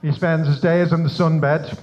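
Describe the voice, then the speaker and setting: A man's voice: on the high side, level tone, unhurried, noisy background. A middle-aged Irish man, the father of the bride, giving a teasing, joke-filled wedding speech at a reception. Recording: slightly dull lo-fi sound.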